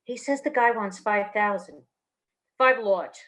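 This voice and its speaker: A woman's voice: medium pitch, a little slow, a bit bright, close to an everyday voice. A woman reading aloud voices a ditzy, girlish woman in her forties who sounds tipsy and coy.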